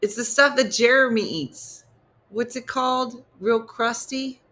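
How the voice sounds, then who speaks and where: New Jersey woman, comedy show host, bright, crisp voice, playful mock-disgusted banter with viewers, faint background noise. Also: on the high side, a little slow. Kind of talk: casual livestream chat reading viewer comments.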